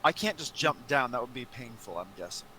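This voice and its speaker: Casting: man, tabletop player, bright forward tone, halting and hesitant, faint hiss behind. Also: mid-range voice, animated. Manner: halting, thinks aloud with many fillers. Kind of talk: playing a tabletop game.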